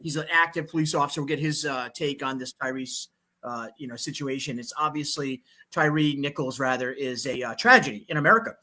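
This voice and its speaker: A man's voice: mid-range voice, a little fast, bright, forceful tone. A man hosting a political talk show, fired up and emphatic, repeating phrases and restarting his sentences. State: fired up on coffee.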